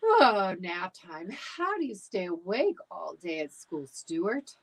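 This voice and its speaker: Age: adult. Figure: woman playing a bouncy male pet dog in a storybook. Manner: lively, high, husky-edged. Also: slow, exaggerated voice, low-quality recording. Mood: eager.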